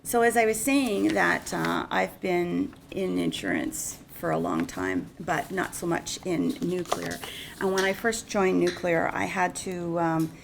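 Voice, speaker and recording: A woman's voice: on the low side, lively intonation, measured pace, vocal fry, noisy background. A middle-aged woman giving an unscripted, conversational conference presentation on insurance. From Canada.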